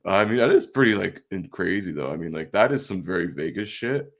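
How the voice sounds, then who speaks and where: A man's voice: low-pitched, expressive, fairly quick, vocal fry. A young man co-hosting a podcast in loose casual chat, swearing freely, laughing easily, and full of "like" and restarts. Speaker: podcast co-host.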